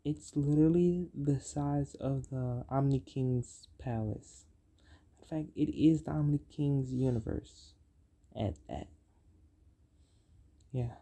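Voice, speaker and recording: Halting improvised storyteller, very dark, unhurried delivery. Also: medium pitch. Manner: halting, many fillers and self-corrections. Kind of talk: improvised fan-fiction storytelling.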